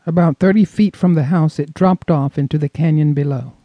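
A man narrating a suspense audiobook in an expressive storytelling manner. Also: fairly high pitch, fairly quick, no echo. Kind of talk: scripted narration.

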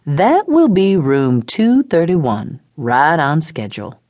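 A woman's voice: deep voice, sing-song, takes it slowly, a little mellow, no echo, heavily acted. A woman voicing an unflappable, matter-of-fact hospital nurse in an audiobook. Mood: brisk.

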